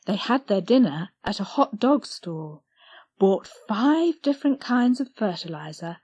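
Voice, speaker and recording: A woman narrates a children's storybook at an unhurried pace, her pitch moving with lively expression. The reading is gentle and the recording is dry and close, with no room sound. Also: husky, no echo. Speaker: audiobook narrator.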